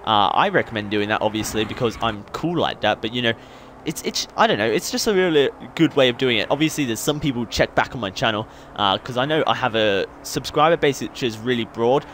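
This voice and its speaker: A man's voice: mid-range voice, lively intonation, brisk, a bit bright, slight background noise. Hyper rambling Australian young man. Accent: Australian, partly worn down by years in the UK. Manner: hyper, rambling and self-mocking, laughs often. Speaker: gaming YouTuber. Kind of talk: casual gameplay commentary.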